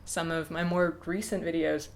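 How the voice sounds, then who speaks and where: A young woman in her twenties talking to camera off the cuff, hesitant and reflective, with many pauses and restarts. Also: sits low, flat delivery. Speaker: YouTuber. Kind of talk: casual unscripted talk to camera.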